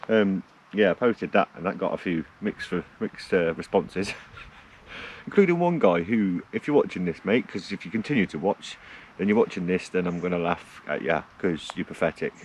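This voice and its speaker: A man's voice: low-pitched, moderate pace, darkish tone, a little hiss or hum. A middle-aged man from the UK talking casually to his camera outdoors on a road trip, rambling and laughing at himself. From United Kingdom. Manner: chatty, rambling, laughs often, self-deprecating. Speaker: vlogger on a van road trip. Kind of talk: casual vlog talk to camera. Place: outdoors by a lake, cold morning.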